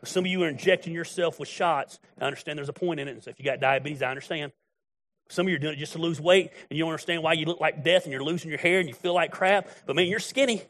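A middle-aged man preaching with a twang, his voice pitched a little high for a man. He talks bluntly and folksily, spinning stories as he goes. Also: fast talker, fairly bright tone. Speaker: pastor. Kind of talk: sermon.

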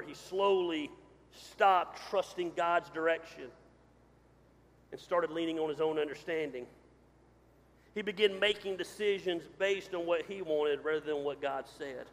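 A man preaching a sermon as pastor, swinging from loud to quiet. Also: fairly high pitch. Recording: hall reverb.

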